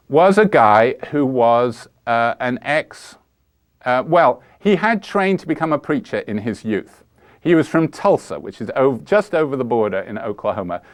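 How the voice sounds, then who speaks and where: A man's voice: mid-range voice, clean tone. A man giving an informal philosophy lecture, talking in a conversational, digressive way with many ums and uhs. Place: Flint, Michigan.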